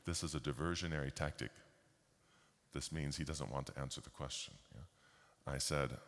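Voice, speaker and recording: A man giving a slow, deliberate storytelling keynote talk at a conference. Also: rumbling low, fairly even intonation, gravelly, fairly bright tone. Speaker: keynote speaker. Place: large conference hall. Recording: long hall reverb.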